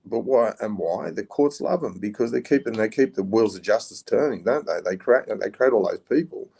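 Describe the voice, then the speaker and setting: Casting: blunt middle-aged Australian man, very low gravelly voice, dark tone, swears freely. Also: moderate pace. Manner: blunt, rough-spoken storyteller, swears, says "mate". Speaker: podcast guest, former prisoner. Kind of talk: casual interview talk.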